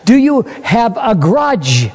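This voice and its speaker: A man's voice: high voice, sing-song, takes it slowly, darkish tone, husky, voice pushed up, exaggerated voice. A man doing an impatient, exasperated judge. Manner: pressing, impatient questions. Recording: long hall reverb.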